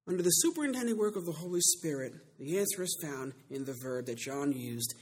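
A man preaching a sermon with emphatic delivery that builds to loud climaxes and slows down to stress key words. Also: medium pitch, lively intonation, slightly rough.

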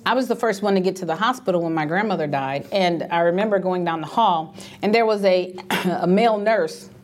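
A woman's voice: fairly low pitch, brisk, darkish tone. A middle-aged woman telling stories about grief and end-of-life care, emphatic and acting out the voices she quotes. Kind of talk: animated storytelling talk.

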